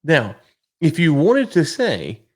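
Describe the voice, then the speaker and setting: A man co-hosting a podcast, talking casually in an animated, sarcastic, ranting way. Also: a little high, slow, slightly rough. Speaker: podcast co-host. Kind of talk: casual political chat.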